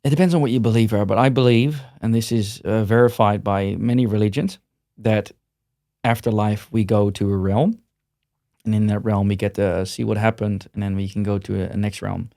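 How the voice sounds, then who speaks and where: Man, podcast guest, lowish voice, dry close mic, rambles and restarts a lot. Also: steady tone, normal speed, creaky, mellow, dry recording. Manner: rambling, frequent restarts and repeated words. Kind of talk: casual interview conversation.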